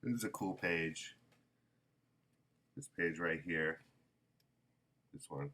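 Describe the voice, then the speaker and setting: A man's voice: rumbling low, takes it slowly, pushed and bright. A man casually reviewing a manga volume, rambling with many ums and self-corrections.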